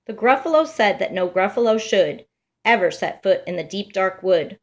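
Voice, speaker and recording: A woman reads a rhyming picture book aloud for children. Her delivery is lively and sing-song, and her voice sits at a medium pitch. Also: normal speed, dull audio. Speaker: storybook reader.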